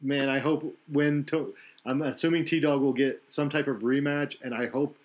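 Man, casual chat, rambling, self-correcting, mid pitch. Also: steady tone, normal speed.

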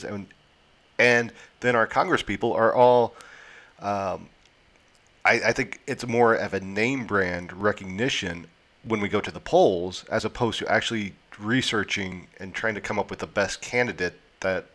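A man in his forties talks in a slightly low voice during a relaxed discussion. He thinks aloud, trails off and restarts his sentences as he works his ideas out. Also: a little slow. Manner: thoughtful, rambling with restarts. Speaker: podcast co-host. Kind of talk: casual discussion.

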